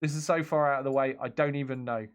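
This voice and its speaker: Man streaming a game, casual chatty commentary, laughs often, mid-pitched voice, reads chat messages aloud. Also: steady tone, fast. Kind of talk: casual let's-play commentary.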